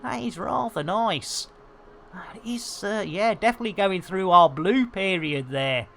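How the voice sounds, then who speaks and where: A man hosts a live game stream, rambling along with bawdy, theatrical jokes. His voice is bright, and his pitch swings up and down a lot. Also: animated, measured pace, creaky, a little hiss or hum. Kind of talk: cheeky live-stream chat.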